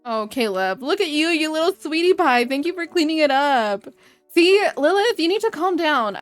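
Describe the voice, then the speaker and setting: Casting: young woman, chatty let's-play streamer, fairly high voice, faint music under. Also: moderate pace. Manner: chatty, excitable, gasping reactions. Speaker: game streamer. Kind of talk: live let's-play commentary.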